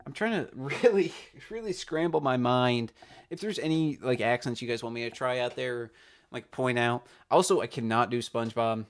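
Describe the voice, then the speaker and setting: A man's voice: mid-range voice, normal speed. A young man talking casually and hesitantly about his impressions, rambling with lots of fillers. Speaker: amateur impressionist. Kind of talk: casual vlog monologue.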